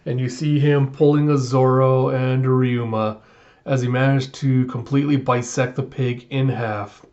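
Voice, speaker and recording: A man's voice: mid-range voice, flat delivery, normal speed, darkish tone. Man recapping a comic, lo-fi. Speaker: manga reviewer. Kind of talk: casual reaction recap.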